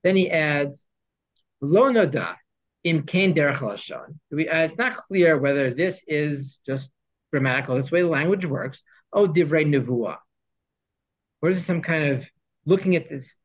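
A man's voice: on the high side, animated, measured pace. Man teaching a text study class. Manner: explains Hebrew texts with English glosses and asides. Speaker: Torah teacher. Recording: dull lo-fi sound.

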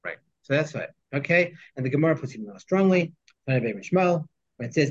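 A man's voice: fairly high pitch, animated, brisk. Man teaching a text study class. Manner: explains Hebrew texts with English glosses and asides. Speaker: Torah teacher. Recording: dull lo-fi sound.

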